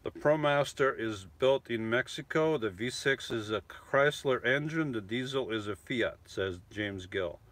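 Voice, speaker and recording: A man's voice: medium pitch, a little slow, hardly any pauses, fairly bright tone, no room sound. A middle-aged man chatting casually on a live stream, rambling and restarting his sentences as he answers viewers. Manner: chatty, rambling, frequent restarts and self-corrections. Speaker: vlogger answering live chat.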